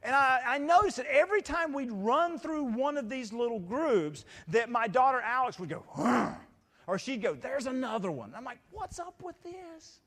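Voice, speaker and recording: A middle-aged man tells a motivational story from a convention stage, acting out every quote. His voice sits high and swings widely in pitch. The big hall adds a long reverb. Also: moderate pace. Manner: animated storytelling with acted-out quotes. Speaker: keynote speaker. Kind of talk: motivational keynote speech.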